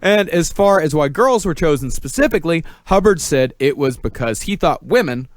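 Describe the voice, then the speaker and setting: Lively man narrating a podcast story. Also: fairly high pitch, moderate pace, no room sound, studio quality. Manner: storytelling, wry asides. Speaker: podcast host. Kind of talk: narrating a researched story to co-hosts.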